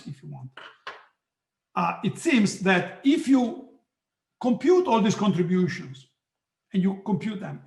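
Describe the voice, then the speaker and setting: A man giving a physics lecture online, halting, with many restarts and frequent "okay"s. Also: high-pitched, echoey room. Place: hot room.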